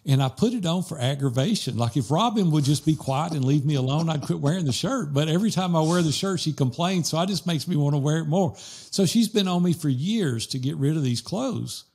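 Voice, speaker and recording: Gravelly-voiced man telling a story. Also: a little high, fairly quick, hardly any pauses. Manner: animated storyteller, quotes people in lively voices. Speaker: podcast host. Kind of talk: casual chat.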